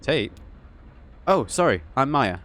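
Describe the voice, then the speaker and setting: A man lending his voice to a young traveling artist, bright-eyed and sociable, from a narrative video game. She fires off cheerful questions in a lively, bouncing voice that rises and falls a lot. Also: rumbling low, slow pace, full character voice. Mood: curious.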